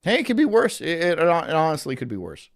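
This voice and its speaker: A man streaming live, talking in a loose, rambling way with a sardonic edge and frequent laughs at his own lines. His voice sits a little higher than most men's. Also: wildly swooping pitch, quick pace. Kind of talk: casual live-stream commentary.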